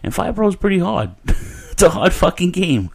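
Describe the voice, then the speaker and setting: A man's voice: high voice, sing-song, moderate pace, gravelly, slightly rough. Rambling, profane New man. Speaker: podcast host. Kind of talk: casual podcast chat.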